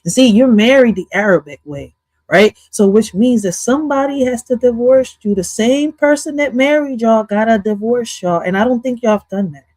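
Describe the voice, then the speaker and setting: A woman hosting a livestream, reacting to an interview clip in loud, profane, jumpy casual commentary that swings between jokes and asides. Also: a little high, moderate pace, dry recording, poor audio.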